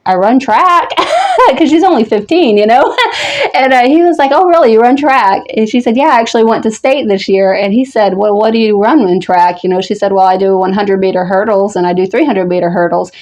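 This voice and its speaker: A woman, perhaps in her thirties, casually telling an animated story, swearing freely and laughing often. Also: mid-range voice, fairly quick. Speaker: horror vlogger.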